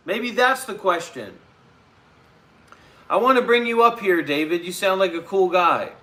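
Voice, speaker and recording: High, bright-voiced ranting man. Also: big pitch swings, unhurried. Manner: combative, ranting. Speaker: live stream host. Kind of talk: ranting live stream talk.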